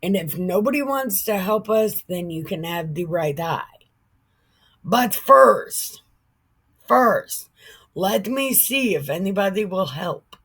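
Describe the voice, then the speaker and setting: A woman's voice: medium pitch, animated, slow pace, fairly bright tone, husky, full character voice. A woman voicing a group of besieged townsmen who plead and bargain for time.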